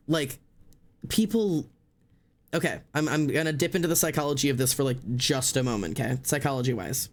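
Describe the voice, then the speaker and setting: Excitable chatty man with a higher voice. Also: a little fast. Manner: excitable, chatty, repeats words, says like often; swears casually, frank. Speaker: streamer. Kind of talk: casual chat to a live stream audience.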